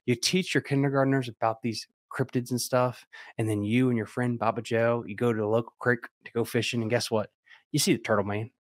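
An excitable man co-hosts a podcast in casual, rambling chat. His voice sits at an ordinary middle pitch and laughs break in often. The sound is dry and close, with no room echo. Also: a little fast. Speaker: podcast co-host.

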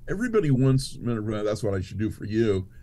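A man's voice: lowish voice, big pitch swings, normal speed, dark tone. A man appearing as a talk show guest, telling stories in a laid-back, casual way. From Nevada. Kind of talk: casual chat.

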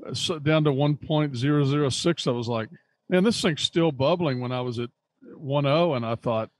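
A man's voice: mid-range voice, steady tone, fairly quick, darkish tone. Rambling male podcast co-host. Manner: rambling, teasing. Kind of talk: casual podcast chat.

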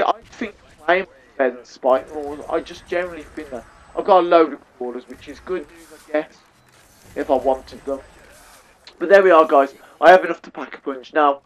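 Young english guy chatting to viewers while gaming, headset mic, voice on the high side. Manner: chatty, self-deprecating, talks to viewers as "guys". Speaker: gaming YouTuber. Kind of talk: live gameplay commentary.

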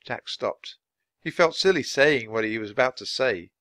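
A man narrating a children's chapter book in a clear, steady reading voice. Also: mid-range voice, moderate pace, no room sound. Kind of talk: scripted storybook narration.

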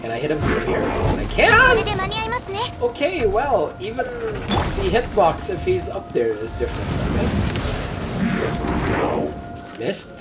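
A gamer giving casual commentary while playing, reacting loudly and swearing freely. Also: medium pitch, huge pitch swings, a little slow, pauses often. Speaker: gamer playing through a game. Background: game music.

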